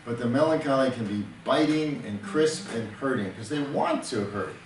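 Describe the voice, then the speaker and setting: A man's voice: medium pitch, expressive, moderate pace. An older man, a counselor, giving an earnest teaching talk and explaining with everyday examples, often restarting his sentences. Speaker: temperament counselor. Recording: echoey room, distant mic, faint noise.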